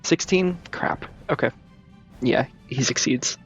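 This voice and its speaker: A man playing a tabletop game, chatting casually and thinking aloud with hesitant pauses. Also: mid-range voice, dull audio, soft background music. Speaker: player.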